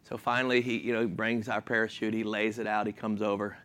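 A man's voice: fairly low pitch, fairly quick. Fifties man, dry and self-mocking storyteller. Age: 50s. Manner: self-deprecating, deadpan delivery with frequent restarts. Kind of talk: humorous personal story.

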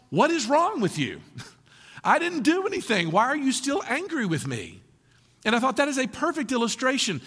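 A man preaching a sermon in a high, lively voice that climbs and dips a great deal. He talks to the congregation in a conversational way and keeps asking them questions. The sound rings with the long reverb of a church hall. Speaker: pastor.

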